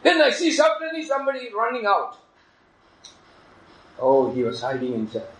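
A man's voice: very high-pitched, huge pitch swings, moderate pace, a bit bright, reverberant, low-quality recording. A man preaching a sermon in an earnest, emphatic manner, illustrating his points with a story.

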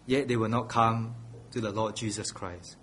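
A man's voice: lowish voice, fairly even intonation, normal speed, fairly bright tone, a little hiss or hum. A middle-aged male pastor preaching a sermon, earnest and pleading, repeating his key phrases.

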